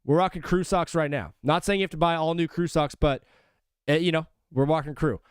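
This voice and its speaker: A young man hosts a live sports stream, rambling from topic to topic with a jokey, loose manner. His voice sits a bit high and sounds smooth and clear. It is recorded close and dry, with no room sound. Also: brisk, no room sound. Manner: rambling, jokey, calls viewers brother. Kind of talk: casual live-stream chat.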